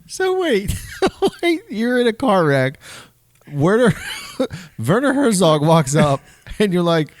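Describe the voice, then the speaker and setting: A man co-hosting a podcast, reacting with excited laughter in casual chat. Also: high voice, slow, dry recording, studio quality. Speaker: podcast co-host.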